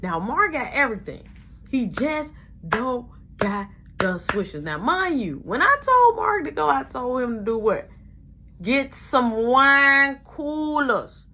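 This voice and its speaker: A woman's voice: on the high side, a little slow, a little hiss or hum. A young woman casually telling a story about her family, acting out everyone's lines as she goes. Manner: animated, acts out each character in quoted voices. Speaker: vlogger.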